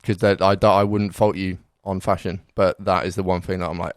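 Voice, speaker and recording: A man co-hosting a podcast, hesitant when giving opinions and laughing loudly at the jokes. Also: sits low, flat delivery, a little fast, dry recording, clean studio sound. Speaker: podcast co-host. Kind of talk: casual banter.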